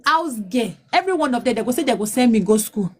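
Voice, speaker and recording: A Nigerian woman in her late thirties, mixing English and Pidgin, telling her life story as a mother in a pleading, halting way. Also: on the high side, animated, husky. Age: 30s. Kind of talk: emotional personal testimony.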